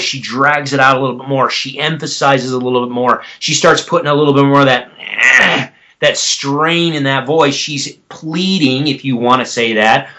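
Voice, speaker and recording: A man's voice: mid-range voice, pushed and bright. A man who is an expert guest on a podcast, explaining earnestly and step by step while repeating words as he goes. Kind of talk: explanatory interview answers.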